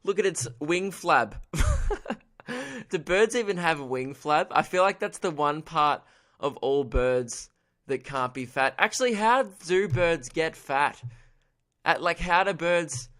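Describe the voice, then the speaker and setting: An Australian man talks on his own comedy podcast in a rambling, irreverent monologue. He laughs often at his own jokes, and his voice sits slightly on the higher side for a man. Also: lively intonation, takes it slowly, fairly bright tone.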